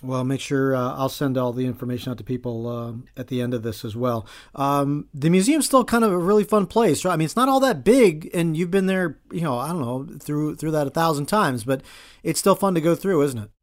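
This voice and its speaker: A man hosting an interview, asking relaxed questions and chatting along with his guest. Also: on the high side, fairly quick. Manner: chatty, laughs along, many fillers. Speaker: interview host. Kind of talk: casual interview.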